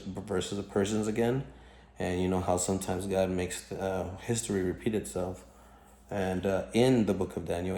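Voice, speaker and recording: Deep-voiced man rambling in an echoey room. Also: darkish tone. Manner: halting, many fillers and restarts. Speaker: vlogger recounting dreams. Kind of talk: casual rambling monologue.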